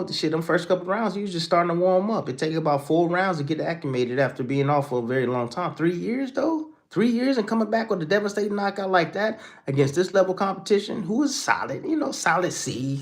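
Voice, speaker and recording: A man hosting a boxing show, chatting casually with his viewers and reading out their comments in a slangy, animated way, exclaiming and swearing freely. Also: on the high side.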